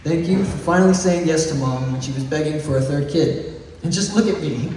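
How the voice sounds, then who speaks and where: A man's voice: on the high side, mellow. A man of about eighteen giving a heartfelt, joking graduation speech as valedictorian. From East Texas. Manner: heartfelt, joking, slow deliberate phrasing with chuckles. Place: large echoey hall or gym. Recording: echoey hall from far off, faint noise.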